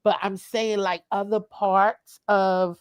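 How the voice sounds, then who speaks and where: A woman telling a lively, profane story in casual chat, calling her listener "child". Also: medium pitch, slow, smooth, no echo. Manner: animated storyteller, swears freely, calls listener "child". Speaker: streamer, co-host. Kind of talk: casual chat while crafting.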